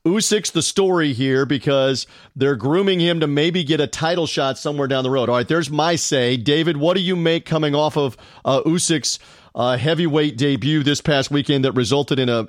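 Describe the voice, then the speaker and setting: A middle-aged American man hosting a podcast in a casual, chatty and self-deprecating way, with a deep resonant voice. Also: moderate pace, no room sound, clean studio sound. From United States. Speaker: podcast host. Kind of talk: casual podcast talk with ad read.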